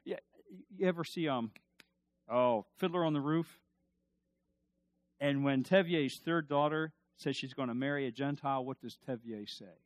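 A man's voice: fairly high pitch, no room sound. A middle-aged man preaching a sermon as pastor, building to emphatic bursts and asking the congregation to repeat after him. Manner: preaching with rising emphatic bursts and call-and-response.

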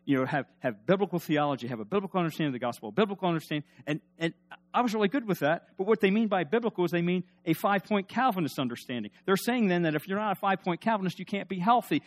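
A man preaching a sermon in an emphatic, animated way, asking the congregation to respond. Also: high-pitched, rapid-fire, dry recording. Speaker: pastor.

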